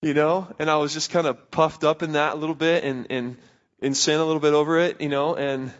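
A man's voice: fairly high pitch, little pitch movement, fairly quick. Young preacher man, casual storytelling sermon. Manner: conversational storytelling with self-deprecating humor. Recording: slightly dull lo-fi recording.

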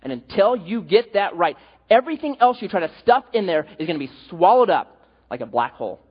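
A man's voice: sits high, sing-song, brisk, breathy edge. A male pastor preaching a sermon, telling stories animatedly with jokes, in an echoey hall with dull sound.

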